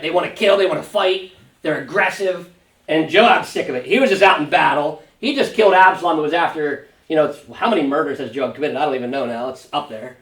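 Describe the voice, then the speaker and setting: A pastor leading a Sunday school Bible study, talking conversationally and often checking in with a quick "right?". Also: male voice, fairly high pitch. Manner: conversational, fond of tag question "right?"; animated when paraphrasing scripture figures. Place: church classroom. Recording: roomy church room, mic at a distance.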